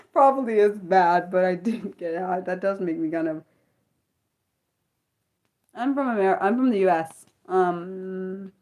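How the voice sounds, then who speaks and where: An American woman hosting an unscripted livestream, chatting in a rambling, animated way with many fillers and restarts. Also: mid-range voice, slow, pauses often. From Maryland, United States. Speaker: livestream host. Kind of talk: unscripted livestream chat, answering viewers.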